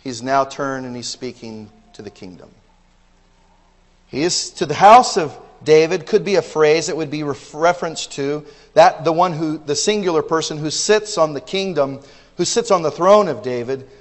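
A man preaching a sermon with emphatic outbursts and low asides, often repeating words as he restarts. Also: moderate pace. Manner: emphatic, swings between loud exclamations and low asides. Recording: long hall reverb.

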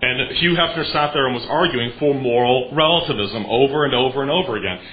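A man's voice: mid-range voice, quick pace, a little hiss or hum. Earnest male preacher, slightly muffled recording. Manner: earnest, emphatic preaching with frequent throat clearing. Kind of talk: sermon.

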